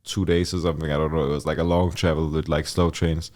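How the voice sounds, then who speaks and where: Young man, very deep voice, rambling storyteller who swears and laughs, studio podcast guest. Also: fast. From Denmark. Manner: animated, laughing storyteller, heavy use of "like", swears freely. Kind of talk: casual storytelling.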